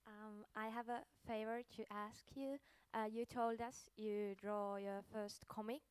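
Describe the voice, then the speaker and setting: Hesitant woman asking a question slowly. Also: fairly high pitch, steady tone, a little mellow, smooth, dry recording. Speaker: audience member asking a question.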